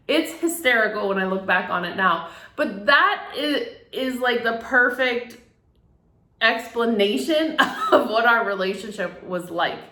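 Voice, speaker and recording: This is a middle-aged female photographer relating a personal experience frankly and with feeling, often using fillers and laughing now and then. The voice sits at medium pitch with a fairly bright quality, and the recording has an echoey room sound.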